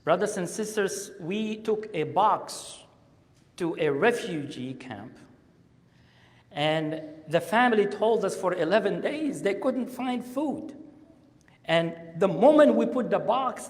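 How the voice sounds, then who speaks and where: A man giving an impassioned Friday sermon as a guest speaker at a mosque, swinging between loud urging and hushed pauses. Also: sits high, animated. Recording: long hall reverb.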